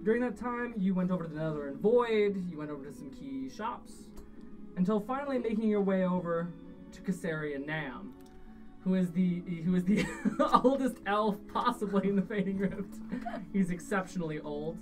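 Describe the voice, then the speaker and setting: A woman's voice: on the low side, expressive, normal speed, distant mic, music in the background, low-quality recording. A woman narrating as game master of a streamed tabletop game, loose and rambling with fillers and restarts.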